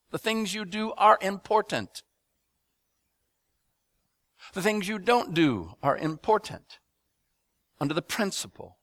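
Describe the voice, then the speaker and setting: A man preaching a sermon to a congregation, asking them to respond and building up rhythmic repeated phrases into loud emphatic bursts. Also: fairly high pitch, creaky, no echo. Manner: addresses congregation with call-and-response questions.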